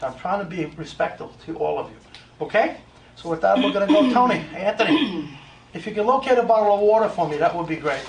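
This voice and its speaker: A man's voice: sits high, animated, fast, gravelly, a little hiss or hum. A man working as a medium, talking live to an audience in a blunt, emphatic way, repeating his points with joking asides. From United States. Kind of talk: live stage talk to an audience. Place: live event hall. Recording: echoey room, mic from a distance.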